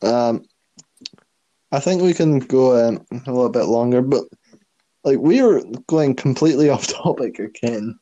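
A man co-hosting a podcast, rambling through casual chat with lots of fillers. His voice is mellow and unhurried. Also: medium pitch, lively intonation, dull audio. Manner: rambling, filler-heavy, laughs often. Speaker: podcast co-host.

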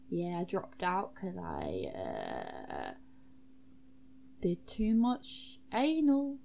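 A woman's voice: on the low side, wildly swooping pitch, very slow, vocal fry, warm tone, a little hiss or hum, rough recording. A young woman improvising a comic story, rambling, self-mocking and swearing freely.

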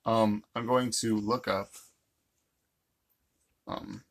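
A man's voice: lowish voice, steady tone, drawn-out words. A man in casual, playful chat, laughing often while hosting a game. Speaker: co-host. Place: indoors, sitting on the floor.

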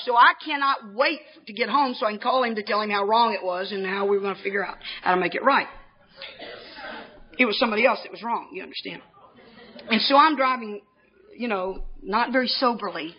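A woman giving a humorous personal testimony to an audience, a lively storyteller who often laughs at herself. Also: fairly high pitch, quick pace, muffled recording. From Texas, USA. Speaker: recovery speaker. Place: convention hall gathering.

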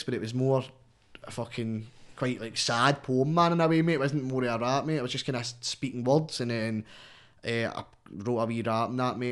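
A young man with a Scottish accent, a guest rapper chatting casually, rambling and swearing constantly, tagging everything with "mate.". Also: mid-range voice. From Scotland. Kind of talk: casual interview chat.

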